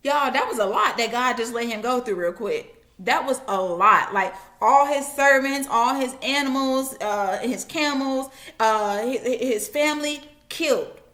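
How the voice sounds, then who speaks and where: A woman's voice: on the high side, a little slow, fairly bright tone. A woman giving a casual Bible lesson, retelling the story in everyday slang and acting out voices. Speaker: Bible teacher.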